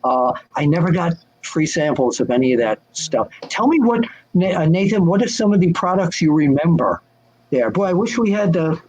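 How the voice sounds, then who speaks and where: An older man telling wrestling-magazine stories on a video call, lively and acting out the voices of people he quotes. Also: fairly high pitch, moderate pace, slightly rough, highs cut off. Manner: animated, acts out quoted voices. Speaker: guest answering fan questions. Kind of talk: casual storytelling chat.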